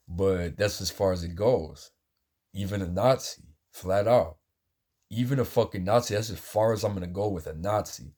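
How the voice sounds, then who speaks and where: A man's voice: low voice, a little mellow, slightly rough. A man talking in a casual, rambling monologue, agitated and heavy on profanity.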